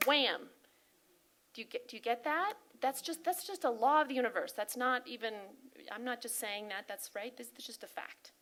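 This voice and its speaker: A woman giving an inspirational sermon talk as a spiritual practitioner, earnest and animated, often asking her listeners questions. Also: fairly high pitch, moderate pace. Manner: animated and emphatic, acting out angry voices. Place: spiritual center service.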